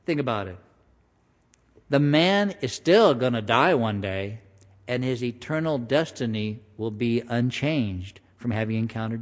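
A man preaching a sermon in a conversational style, slowing down for emphasis and acting out voices. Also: medium pitch, a little mellow. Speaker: pastor. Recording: long hall reverb.

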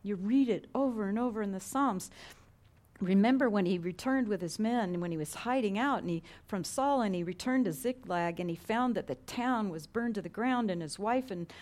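Middle-aged woman preacher, mellow warm tone, chatty sermon delivery that builds to animated retelling. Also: medium pitch, normal speed. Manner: conversational preaching, grows loud and animated when retelling stories.

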